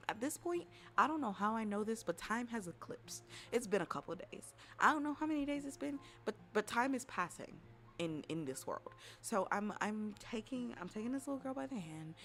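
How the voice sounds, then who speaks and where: A woman's voice: on the high side, animated, a little fast. Profane, dramatic woman telling a dream. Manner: profane, dramatic, swinging from loud outbursts to hushed whispers. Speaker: streamer. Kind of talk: casual storytelling to chat. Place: at home. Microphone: desk microphone.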